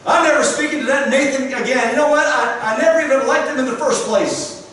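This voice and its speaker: A man's voice: very high-pitched, brisk, a bit bright, voice pushed up. A man preaching who voices a resentful man ranting that he will never speak to a prophet again. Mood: indignant. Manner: indignant, ranting, rhetorical questions. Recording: echoey church, distant mic, faint hiss.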